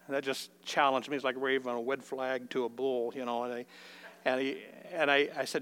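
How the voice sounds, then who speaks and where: A man's voice: fairly even intonation, fairly quick, fairly bright tone. An older man telling a folksy personal story in a sermon, acting out the dialogue in a raised voice. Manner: folksy, acts out the dialogue with rising pitch.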